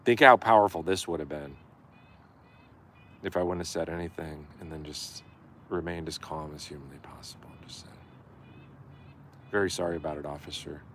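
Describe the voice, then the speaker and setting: A man's voice: very deep voice, moderate pace, pauses often, slight background noise. A middle-aged man telling a story in a casual, profane live-stream rant. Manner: profane, animated, acts out yelling quotes.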